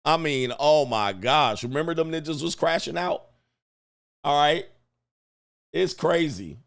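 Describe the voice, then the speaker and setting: This middle-aged livestream host has a gravelly, higher-leaning voice and an unhurried pace. Animated and laughing, he tells a story in slang and reads viewer comments aloud.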